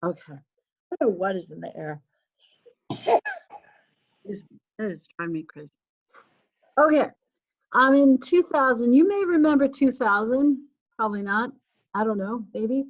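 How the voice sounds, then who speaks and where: A woman teaches a college class over a video call, talking casually and laughing at her own asides. Her pitch sits in the middle, and the call audio is a little dull and muffled. A sneeze or cough breaks in now and then. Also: animated, normal speed. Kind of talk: casual online class lecture.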